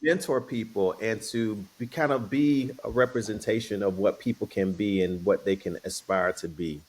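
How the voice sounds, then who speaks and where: Relaxed man telling a story, low voice. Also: moderate pace, breathy edge. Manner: relaxed, playful, acts out quoted voices. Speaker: guest. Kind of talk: casual storytelling interview.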